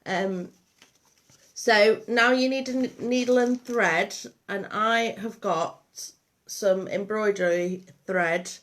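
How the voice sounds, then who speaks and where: A woman's voice: a little high, takes it slowly, a bit bright. A woman with a Liverpool and Lancashire accent hosting a live craft demonstration, chatty and meandering with many ums and restarts. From Liverpool and Lancashire, England. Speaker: craft workshop host.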